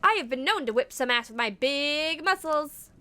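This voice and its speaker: A woman voicing a rowdy, cheeky male monster hunter with a put-on Australian-English accent, talking loud and slangy. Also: sits high, expressive, moderate pace. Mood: boisterous.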